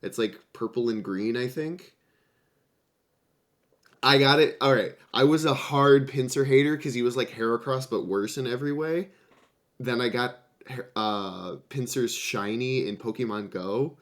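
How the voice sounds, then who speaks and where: A man's voice: mid-range voice, a little slow. A man in his twenties co-hosting a casual podcast chat with friends, opinionated and playful in short clipped remarks. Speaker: podcast co-host.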